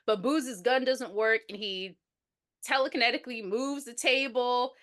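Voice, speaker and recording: A woman co-hosting a podcast, retelling a film scene by scene. She jumps into the characters' lines as she goes, with a bright, fairly high voice. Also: normal speed. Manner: animated storyteller acting out characters' lines. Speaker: podcast co-host. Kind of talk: casual movie recap.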